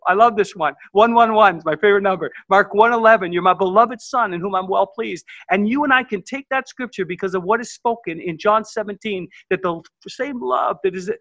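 Fairly high-pitched guy preaching, eager, stumbles and restarts a lot, dry close sound. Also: a bit bright, no room sound, poor audio. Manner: enthusiastic, many restarts, quotes scripture. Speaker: pastor. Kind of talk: sermon.

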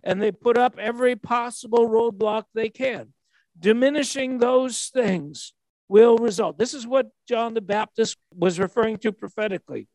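High-voiced preacher man in his sixties. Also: moderate pace, darkish tone, no room sound, rough recording. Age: 60s. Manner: storytelling with laughs and repeated restarts. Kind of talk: sermon.

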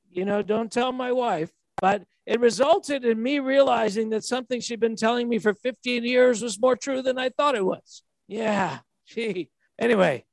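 High-voiced preacher man in his sixties. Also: gravelly, no echo, rough recording. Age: 60s. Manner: storytelling with laughs and repeated restarts. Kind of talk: sermon.

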